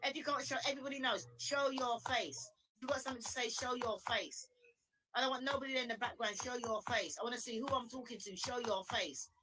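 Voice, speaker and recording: A woman calling into a livestream, forceful and indignant as she repeats her points in a heated rant. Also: fairly high pitch, a little fast, noisy background. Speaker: livestream guest.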